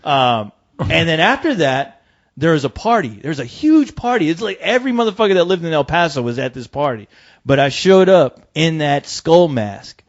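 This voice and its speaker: A man telling a long, profane story in a casual podcast chat, animated and laughing as he goes. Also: fairly high pitch, normal speed. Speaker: co-host. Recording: dull lo-fi podcast audio.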